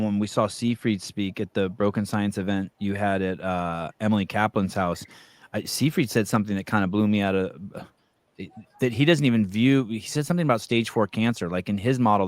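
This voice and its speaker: Male podcast host, low voice, rambling questions, dry close sound. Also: expressive, a little fast, no room sound. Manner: rambling, with many fillers and restarts while asking questions. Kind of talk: conversational interview.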